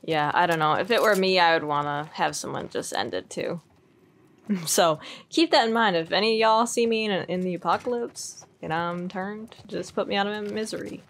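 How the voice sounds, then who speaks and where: A woman's voice: lowish voice, moderate pace, a bit bright, slight background noise. Giggly woman narrating her gameplay. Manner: chatty, giggly and self-deprecating. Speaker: gaming streamer. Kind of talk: casual let's-play commentary.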